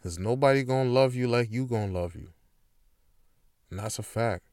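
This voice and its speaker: A man's voice: medium pitch, normal speed, darkish tone, dry recording, clean studio sound. A man hosting his own podcast, talking candidly and emphatically in a casual motivational monologue, with plenty of swearing. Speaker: podcast host.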